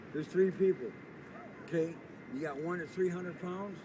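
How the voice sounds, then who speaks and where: A middle-aged man from Michigan, rambling and joking loudly in casual street chat with a group outdoors downtown. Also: high voice, measured pace. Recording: loud street noise outdoors.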